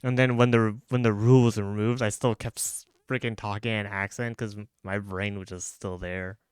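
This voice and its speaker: Through a studio mic with a pop filter, a young man chats casually while gaming live, rambling with restarts and slang. His fairly low voice has little pitch movement at normal speed, and the studio-quality sound is clean, with no room sound.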